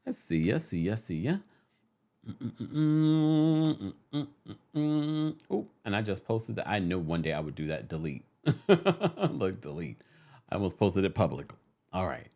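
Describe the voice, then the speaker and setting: A man's voice: low-pitched, sing-song, fast talker, darkish tone. A man hosting a casual live-stream recap from New York City, chatting and reading viewer comments aloud with frequent laughs.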